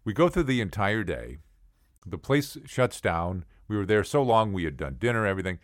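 A middle-aged man telling a personal story in a casual, chatty way, with asides to the listener and animated impressions of the people in it. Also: lowish voice, moderate pace, dry recording, clean studio sound. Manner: animated, acts out the other people's voices. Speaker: podcast storyteller.

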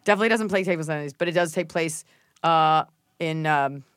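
Joking young woman, low voice. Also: a bit bright, clean tone, dry recording, clean studio sound. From Texas, USA. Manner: quick, jokey, rambling with restarts. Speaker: co-host, actress. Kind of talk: casual podcast chat.

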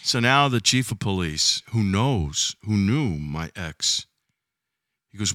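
A man in casual chat, telling a story with excitable, animated energy. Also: deep voice, measured pace, no room sound, studio quality. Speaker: storyteller being interviewed.

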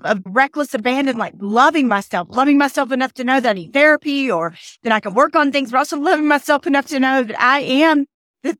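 Woman, nasal with a cold, high pitch, dry close sound, emphatic podcast storyteller. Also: a bit bright, no echo. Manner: emphatic, repeats phrases, restarts often. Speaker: podcast host and motivational speaker. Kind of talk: passionate personal storytelling. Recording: outdoors in rain.

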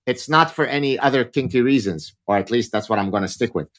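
A man's voice: mid-range voice, quick pace, fairly bright tone. A man speaking as a guest professor in a casual interview, telling stories with a wry, joking manner.

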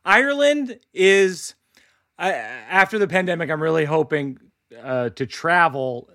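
A man's voice: a little high, lively intonation, unhurried, bright, forceful tone, no room sound, studio quality. A man hosting a podcast in casual chat, laughing often and self-deprecating. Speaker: podcast host.

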